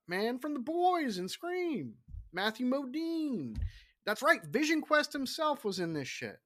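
A middle-aged man hosting a casual solo horror podcast, rambling and profane, dropping into hushed whispers for asides. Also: sits high. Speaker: podcast host.

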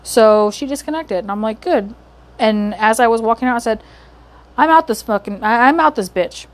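Brief: young woman, fairly high voice, heated and profane, ranting vlog about her call center job. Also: a little fast. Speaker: call center agent venting.

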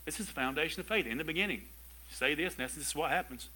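Bright-voiced man preaching lively. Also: a little high, quick pace, husky. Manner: lively preaching with asides and chuckles. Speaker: pastor. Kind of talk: sermon. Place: church service with a congregation.

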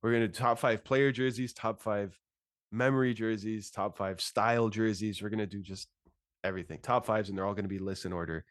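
Laid-back podcast host, "bro" in every breath. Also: male voice, lowish voice, fairly even intonation, brisk, dry recording, studio quality. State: congested. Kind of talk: casual podcast chat.

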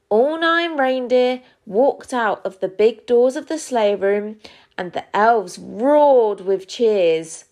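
A woman reading a children's Christmas story aloud as narrator, telling it in an expressive way. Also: fairly high pitch, slow.

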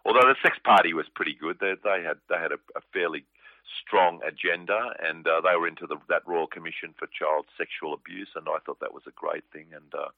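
A deep, low-pitched man of forty, talking in a plain-spoken, rambling way as a comedian guest. His voice comes through a tinny, dry phone line. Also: brisk, vocal fry, no room sound. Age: 40s. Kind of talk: casual phone interview.

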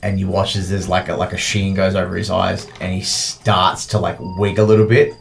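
A man's voice: low-pitched, creaky, slight background noise. A man running a tabletop game as game master, talking casually and laughing often. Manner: casual, laughing, quick bursts of excitement.

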